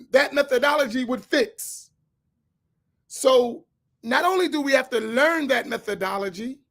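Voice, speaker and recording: A man's voice: very high-pitched, fairly bright tone. A man speaking as an imam, giving an emphatic lecture-style sermon and repeating his key points. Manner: asks for slides to be put up.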